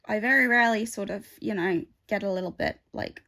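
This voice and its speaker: A woman's voice: a little high, moderate pace, hardly any pauses, fairly bright tone. Chatty woman rambling while she stitches. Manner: rambling, chatty, with many asides. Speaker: craft vlogger. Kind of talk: casual chat while stitching. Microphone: phone.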